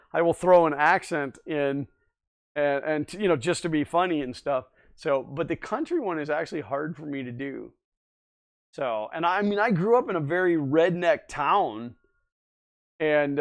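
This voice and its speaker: A man with a fairly high, smooth, resonant voice hosts a relaxed livestream. He chats loosely and rambles, stopping often to respond to viewers in the chat. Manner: rambling, chatty, answers viewer comments. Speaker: livestream host.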